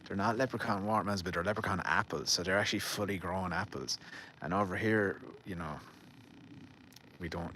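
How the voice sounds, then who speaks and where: A man's voice: sits low, fairly quick, noisy background. An Irish man live-streaming from a garden outdoors, rambling and joking as he reads out viewer comments. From Ireland. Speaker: livestream host. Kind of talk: casual live-stream chat.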